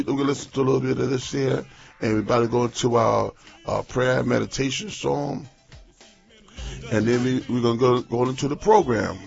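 A man's voice: medium pitch, vocal fry, a little mellow, slightly rough. A man, a pastor hosting a morning radio show, chatting casually and telling a story with lots of repeated words. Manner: folksy, repeats words, tells stories animatedly. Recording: muffled lo-fi radio broadcast.

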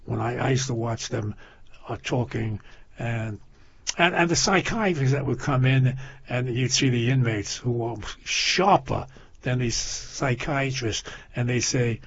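Husky older man, rambling storyteller. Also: mid-range voice, no echo. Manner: rambling storyteller, repeats himself, laughs at his own stories. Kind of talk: casual chat. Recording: dull lo-fi sound.

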